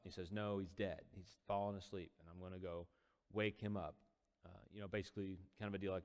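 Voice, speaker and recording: A man's voice: low-pitched, steady tone, quick pace, in a large hall. A man casually retelling a Bible story as a teacher, conversational with quoted dialogue. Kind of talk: casual Bible study talk.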